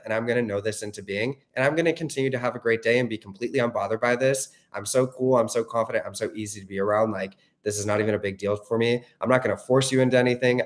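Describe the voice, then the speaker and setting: A man giving a direct-to-camera motivational talk as a relationship coach, blunt, profane and emphatic, often checking in with "okay?". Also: on the low side.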